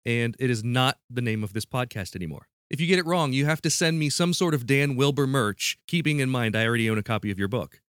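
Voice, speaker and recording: A man's voice: mid-range voice, animated, quick pace, few pauses, fairly bright tone, smooth, no echo. Guy running a podcast quiz, joking around, mid voice, dry close mic. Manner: playful, restarts mid-sentence. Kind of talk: casual podcast chat.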